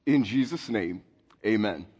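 A man's voice: fairly low pitch, lively intonation, measured pace, a little mellow, breathy edge. A man in his forties preaching a sermon as a pastor, chatty and self-deprecating, with many restarts. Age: 40s. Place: church sanctuary. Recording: long hall reverb.

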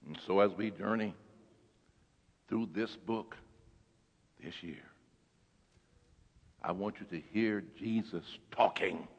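A male pastor preaching a sermon in a church. He calls out to the congregation, shouts at high points, and drops to a hushed voice to lead prayer. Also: slow pace, long pauses, muffled recording. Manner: call-and-response preaching, shouting at peaks then hushed prayer. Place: church sanctuary. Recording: long hall reverb.

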